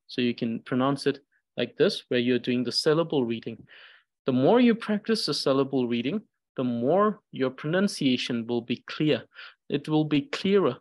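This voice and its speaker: A man teaching Tibetan pronunciation, patiently repeating syllables one at a time. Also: medium pitch. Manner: slow and patient, repeats each syllable many times. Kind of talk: pronunciation lesson, reading syllables aloud.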